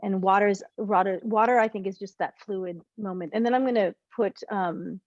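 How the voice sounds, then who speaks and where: A woman's voice: mid-range voice, normal speed, dry recording, lo-fi sound. A woman relationship coach leading a group session over a video call, explaining in a rambling way and often restarting her sentences. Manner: rambling, self-correcting, animated explanations.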